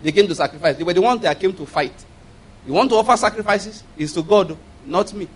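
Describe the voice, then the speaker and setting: A man preaches fairly quickly in a high, breathy-edged voice. His sermon leans on repetition of key phrases and emphatic call-and-response questions to the congregation to drive points home.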